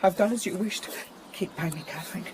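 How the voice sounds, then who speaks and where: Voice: medium pitch, fairly quick, darkish tone, slight background noise, natural voice. A performer playing a sickly, timid young man in a radio drama, stammering and pleading in fear. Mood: fearful.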